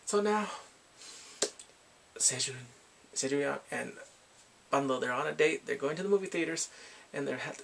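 A man giving a casual spoken drama review, retelling scenes in an animated way and acting out the characters' lines. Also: on the high side, moderate pace, vocal fry, long pauses, noisy background.

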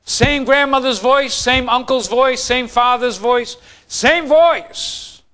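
High, bright-voiced male preacher. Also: slow pace. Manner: preaching with sudden shifts from quiet to loud. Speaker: pastor. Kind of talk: sermon.

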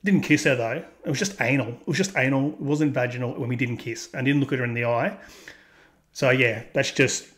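A man's voice: medium pitch, brisk, fairly bright tone, natural voice. A man voicing a defensive cheating boyfriend, using a crude, mocking, whiny tone. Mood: mock-innocent. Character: defensive cheating boyfriend making lame excuses.

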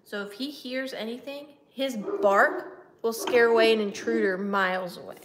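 A woman's voice: fairly high pitch, steady tone, normal speed. A woman hosting a live sale and chatting casually, apologetic, drifting in and out of a British lilt. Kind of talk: casual live-stream chat. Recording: echoey room with faint noise. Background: dog barking.

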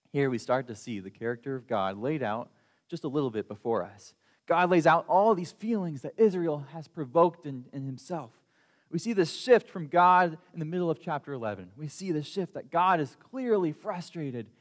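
A man's voice: fairly high pitch, normal speed. Earnest young man preaching in a reverberant hall. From United States. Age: young adult. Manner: conversational, earnest, reads scripture aloud. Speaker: student preacher. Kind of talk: sermon. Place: church sanctuary.

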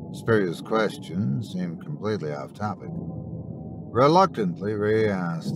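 A man hosting and narrating a horror story in a theatrical, drawn-out manner. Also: fairly low pitch, big pitch swings. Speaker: host and narrator. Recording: noisy recording.

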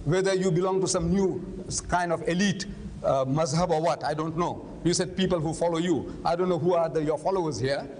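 An older man lecturing and debating in public, forceful and argumentative, firing rhetorical questions. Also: a little high, fairly quick. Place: large lecture hall. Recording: long hall reverb, faint noise.

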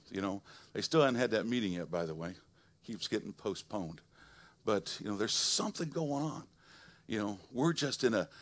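A middle-aged man preaching a sermon in a church, folksy and conversational. He swings between loud, ringing preaching and soft, quiet asides. His voice sits at an ordinary pitch and sounds dry and close to the mic. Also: dry recording. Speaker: pastor. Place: church sanctuary.

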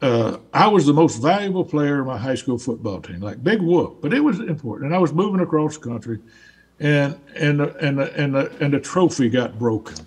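A man with a Southern US accent tells stories as a guest in a casual interview, rambling and often restarting his words. His voice is a little high, husky and slightly mellow, and he speaks in a brisk, animated way.

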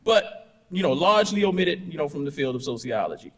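A man delivering a keynote to a conference crowd in a conversational, storytelling way. His voice sits a little high, and he keeps checking in with "right?" and "you know". The sound carries a long reverb from the hall. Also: sing-song, brisk, a bit bright. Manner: storytelling with punchy asides and rhetorical questions. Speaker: keynote speaker.

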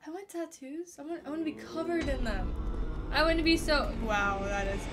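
A young woman giving casual, profane let's-play commentary, reacting loudly and laughing at the game. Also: high voice, moderate pace, noisy background. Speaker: gaming streamer.

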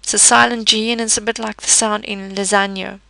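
A woman teaching a French pronunciation lesson in a patient, methodical way, slowing down to model each word. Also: mid-range voice, level tone, vocal fry, pushed and bright, no echo. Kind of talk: explanatory language lesson.

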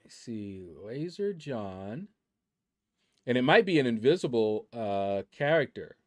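Laid-back guy going down a leaderboard, average pitch, chatty asides. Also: big pitch swings, slow. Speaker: gaming channel host. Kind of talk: casual commentary reading a leaderboard.

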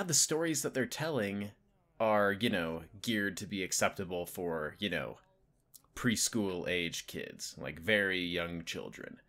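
A young man hosting a video, giving casual spoken commentary that rambles with lots of "like" and "you know" and swoops up and down in pitch. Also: fairly bright tone. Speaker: video host.

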